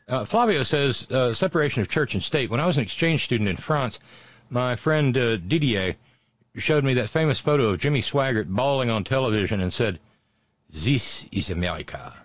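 A man's voice: medium pitch, animated, brisk, no room sound. A male talk show host reading out listener messages and commenting on them in a conversational way, with many filler sounds and blunt, sardonic remarks.

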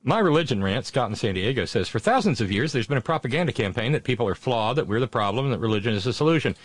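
With no room sound, a mid-range, expressive man talks quickly as he hosts a talk show, reading out messages from listeners. His comments are conversational, peppered with fillers, and bluntly sardonic.

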